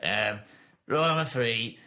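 A man's voice: mid-range voice, measured pace, bright, forceful tone. A man doing an improvised impression of God as a cheeky, offhand Cockney geezer with a Cockney accent. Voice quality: gruff, offhand, wheeler-dealer banter.

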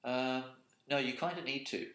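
A man's voice: medium pitch, fairly even intonation, moderate pace, bright, forceful tone. A man co-hosting a podcast in casual chat, jokey, laughing often and swearing. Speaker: podcast co-host. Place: apartment. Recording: echoey room.

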